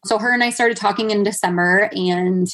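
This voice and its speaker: A woman's voice: mid-range voice, steady tone, moderate pace, a bit bright. A woman in her thirties, a podcast guest telling a personal story in a chatty way, full of fillers and quoted asides. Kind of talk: conversational storytelling.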